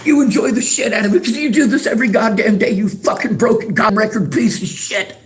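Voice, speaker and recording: A man's voice: high voice, brisk. A worked-up man streaming from a library, repeating himself in an angry, profane rant at his chat. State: agitated, worked up.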